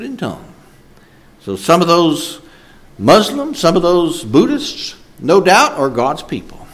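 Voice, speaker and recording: A preacher man delivers his sermon in a lively, swooping voice that sits a little high for a man. His cadence is emphatic, broken by frequent filler sounds as he builds each point.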